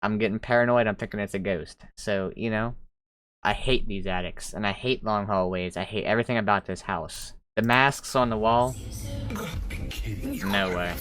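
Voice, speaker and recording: A man hosting a reaction video, talking casually and excitedly, swearing and riffing as he comments on clips. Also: lowish voice, normal speed. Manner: animated, swearing, exclaiming, riffing.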